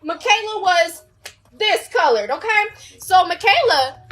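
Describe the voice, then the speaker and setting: Young woman, very high and bright voice, casual animated storyteller who acts out the voices of the people in her tale. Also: a little slow, rough recording. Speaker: storyteller vlogger.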